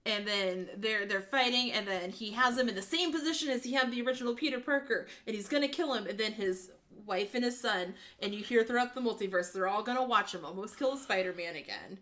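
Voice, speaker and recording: Chatty woman podcast co-host. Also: mid-range voice. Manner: animated storytelling with quick acted quotes and laughs. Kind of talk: casual movie recap chat.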